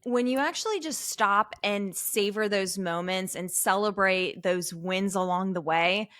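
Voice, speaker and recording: A woman hosting a podcast interview, enthusiastic and slowing down when she asks questions. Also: mid-range voice, fairly bright tone, no echo. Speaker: podcast host. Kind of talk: casual interview chat.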